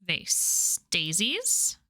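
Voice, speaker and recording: A woman's voice: on the low side, wildly swooping pitch, drawn-out words, sharp tone, no echo, clean studio sound. A woman streaming a game, curious and chatty, muttering to herself and laughing as she explores. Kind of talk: let's play commentary.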